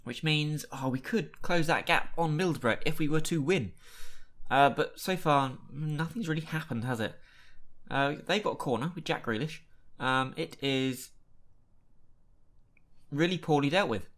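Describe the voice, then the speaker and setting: A man's voice: fairly high pitch, moderate pace. Chatty man commentating his own game. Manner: chatty, reacts loudly to match events with exasperated outbursts. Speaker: gaming YouTuber. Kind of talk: casual Let's Play commentary.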